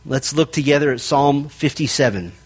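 A male preacher with a voice pitched a little high, telling the story with earnest, animated warmth of delivery. He moves between lively retelling and slow, solemn reading of scripture in a steady sermon cadence. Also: husky.

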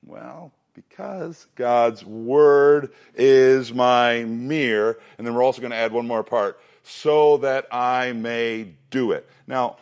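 Middle-aged guy preaching to teens, slow emphatic lines, jokey asides, mid-pitched voice. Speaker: student ministry pastor. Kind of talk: sermon to a youth group.

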